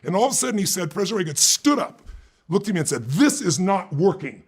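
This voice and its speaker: A man from the United States, telling an anecdote in an emphatic, lively way during an interview, acting out the dialogue he quotes. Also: high-pitched, fast talker, husky. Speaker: guest, business speaker. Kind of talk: animated storytelling in conversation.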